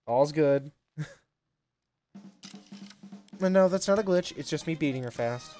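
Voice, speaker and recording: A man's voice: a little high, a little slow, pauses often, warm tone, faint music behind. A man giving casual, rambling commentary while streaming a game, laughing often and poking fun at himself.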